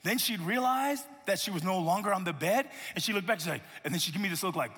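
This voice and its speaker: High, lively male pastor preaching. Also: fast, few pauses, breathy edge. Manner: animated storytelling with playful asides. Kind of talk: sermon. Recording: echoey hall reverb.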